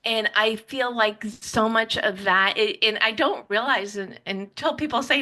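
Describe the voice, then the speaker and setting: A woman speaks as an interview guest in a bright, forward voice. She is reflective and heartfelt, and her sentences run on quickly with frequent restarts. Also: on the high side, rough recording. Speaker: podcaster and writer, interview guest. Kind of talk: heartfelt conversational interview answers.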